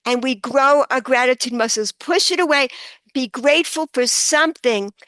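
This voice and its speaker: An older woman, a guest author on a podcast, telling a story earnestly and slowing down for emphasis. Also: high voice, fairly bright tone, no echo. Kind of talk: podcast interview.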